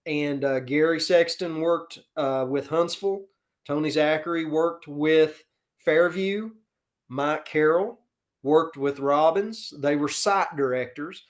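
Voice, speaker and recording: A man's voice: on the high side, slow. A middle-aged man, a football coach talking casually and earnestly in an interview, with many fillers. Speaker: podcast guest, football coach.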